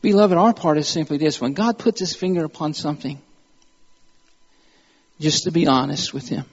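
A man preaching a sermon in church, moving from calm storytelling to impassioned exhortation. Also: fairly high pitch, normal speed, husky, long reverb tail, muffled recording.

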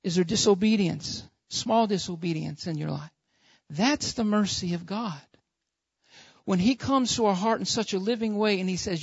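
A man's voice: high-pitched, normal speed, slightly rough, dry recording. Man preaching a sermon, lo-fi. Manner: repetitive preaching with rhetorical questions. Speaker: pastor. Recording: dull lo-fi dry recording.

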